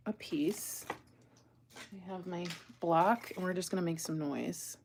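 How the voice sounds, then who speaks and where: A woman's voice: fairly low pitch, measured pace, pauses often, darkish tone, a little hiss or hum. Chatty woman streaming her beading session. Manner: chatty, rambling, exasperated asides to viewers. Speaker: jewelry-making livestream host. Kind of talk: casual live crafting chat.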